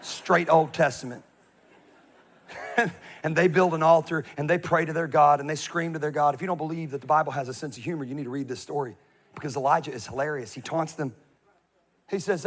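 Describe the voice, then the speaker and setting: A middle-aged male pastor preaching a humorous sermon, swinging from hushed confession to shouted scripture readings. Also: fairly high pitch, a little fast, breathy edge.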